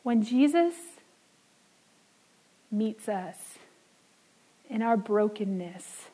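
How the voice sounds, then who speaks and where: A woman preaching a sermon in an earnest way, slowing down and dropping soft on key words. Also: mid-range voice, fairly even intonation, low-quality recording.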